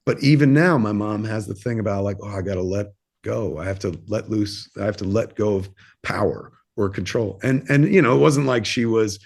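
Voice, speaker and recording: A man's voice: lowish voice, moderate pace, creaky, darkish tone. A man in his fifties, a filmmaker and podcast guest, telling a personal story in a candid, rambling way, swearing freely and using plenty of fillers. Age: 50s. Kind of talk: casual interview storytelling.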